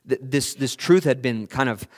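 A man preaching a sermon in an earnest, pleading way, his voice swelling loud and dropping soft, with frequent restarts. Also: mid-range voice, moderate pace.

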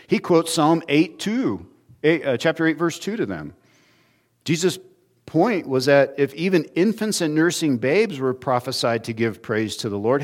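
A man preaching an expository sermon, earnest, his voice rising and quickening when he acts out quoted speakers. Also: a little high, a little mellow. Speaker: pastor.

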